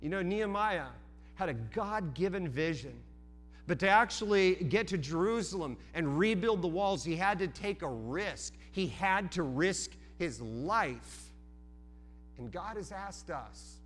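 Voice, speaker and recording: Bright, high-voiced male preacher. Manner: earnest, repeats words, many restarts and fillers. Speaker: pastor. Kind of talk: sermon.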